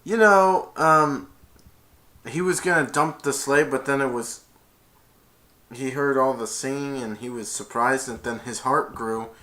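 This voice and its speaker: A man's voice: mid-range voice, measured pace, pushed and bright. A man giving a casual film review, retelling the plot in a rambling way with many restarts. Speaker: movie reviewer.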